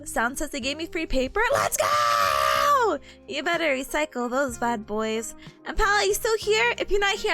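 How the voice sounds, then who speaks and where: A woman's voice: sits high, a bit bright. A woman streamer chatting live with her viewers, bubbly and giggly, rambling as she goes.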